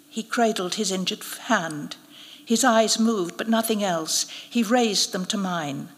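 A woman narrating a literary short story in the first person, in a quiet, measured way, at a live reading. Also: mid-range voice. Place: live event venue. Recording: long reverb of a live event hall.

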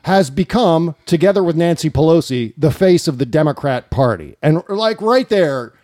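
A man's voice: a little high, animated, normal speed, a little mellow, no room sound, clean studio sound. A man hosting a political podcast, ranting with indignation and swearing freely. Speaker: podcast host. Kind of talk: political talk show banter.

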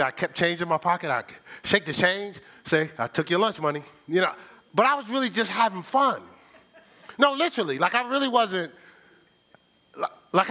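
Older male pastor, fairly high voice, animated story-driven sermon, speaks straight to the pews. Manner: animated storytelling, sound effects and laughter; conversational, addresses the congregation directly.

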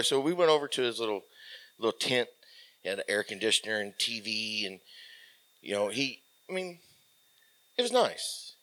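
A man in his forties with a somewhat low voice tells a story from his military days in a loose, conversational way. He leans on fillers and restarts, and his sentences often trail off softly. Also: sing-song, moderate pace, long pauses. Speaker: military veteran guest. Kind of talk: casual storytelling.

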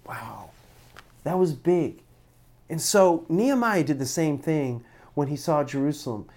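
Middle-aged man, pastor, sermon, earnest, emotional, halting restarts. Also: a little high, expressive, a little mellow.

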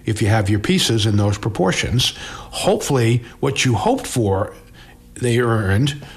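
A man's voice: mid-range voice, lively intonation, unhurried, husky. A middle-aged man who works as a financial advisor, answering interview questions in a conversational way, restarting words and often ending his points with "okay?".

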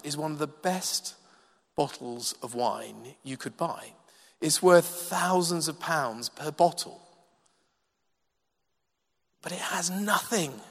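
A man preaching a sermon in a church, measured and emphatic with dramatic pauses. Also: a little high, fairly bright tone. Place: church hall. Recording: long reverb of a large hall.

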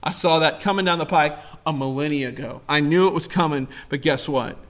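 A man voicing God as calm, patient and loving, in a low, hushed voice. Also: fairly quick, lightly acted. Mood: tender calm.

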